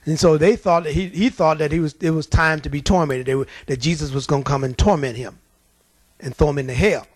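High-voiced animated male preacher. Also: brisk, no room sound. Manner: animated, colloquial storytelling with chuckles. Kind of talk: sermon.

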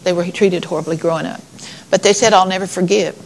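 A woman's voice: lowish voice, steady tone, fast, poor audio. A woman preaching a sermon in a conversational, folksy way, reading scripture aloud and addressing her congregation.

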